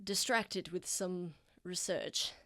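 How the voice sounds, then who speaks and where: A woman's voice: on the low side, takes it slowly, bright, forceful tone, no room sound, clean studio sound, heavily acted. A woman voicing a formal, conflicted army major. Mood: guarded. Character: dutiful male army major, conflicted and guarded.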